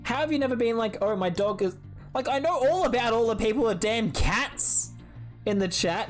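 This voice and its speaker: A woman streaming live and chatting with her viewers while she builds, full of playful mock outrage and excitable asides. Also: fairly high pitch, moderate pace, faint music behind.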